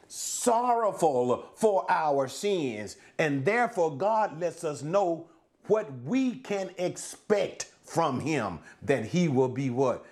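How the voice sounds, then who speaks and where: A man preaching through a Bible passage in a sermon for a podcast. His voice sits a little high and rises and falls widely, and he speaks slowly. He asks rhetorical questions and answers them himself, and he restarts words as he goes.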